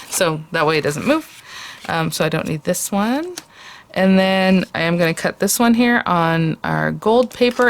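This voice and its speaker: Low, gravelly woman chatting through a craft demo. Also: a little hiss or hum. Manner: chatty, thinking aloud while working by hand. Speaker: craft tutorial host. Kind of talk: casual crafting tutorial.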